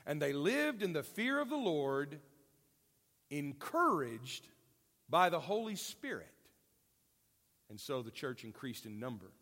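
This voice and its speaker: Male pastor, sermon, animated and folksy, lively pitch, echoing hall. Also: unhurried, long pauses. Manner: animated, folksy and self-deprecating with jokes.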